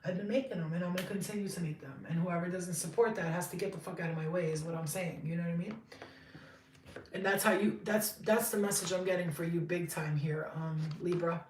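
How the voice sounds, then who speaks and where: A woman's voice: fairly low pitch, a little fast, distant mic, a little hiss or hum. Chatty woman tarot reader, roomy and off-mic. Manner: chatty, swearing, excitable and rambling. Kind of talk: casual tarot reading monologue.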